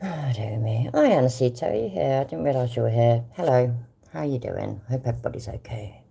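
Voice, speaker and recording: Older British streamer, unusually deep and expressive, blunt casual chat with plenty of swearing. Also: female voice, brisk, creaky, husky. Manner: blunt, heavy swearing, chatty. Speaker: host reacting to videos.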